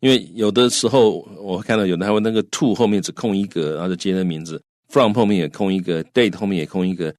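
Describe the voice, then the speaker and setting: A man's voice: low voice, fast talker, few pauses, darkish tone, dry recording, clean studio sound. A man co-hosting a radio English lesson, recapping each point in Mandarin for the listeners. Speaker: co-host.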